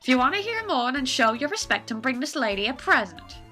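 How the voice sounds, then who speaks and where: A woman's voice: high-pitched, sing-song, brisk, sharp tone, soft background music, heavily acted. Woman doing a pompous scolding old lady. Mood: haughty. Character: haughty, nosy old female security guard.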